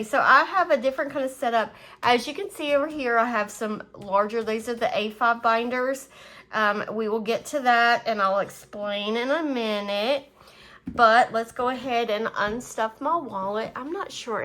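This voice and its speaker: Middle-aged woman rambling about her budget, lots of ums, counts cash out loud softly. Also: a little hiss or hum. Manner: chatty, rambling, many fillers and asides; counts money aloud in a soft, lower voice. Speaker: budgeting vlogger. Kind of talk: casual chat to camera while counting cash.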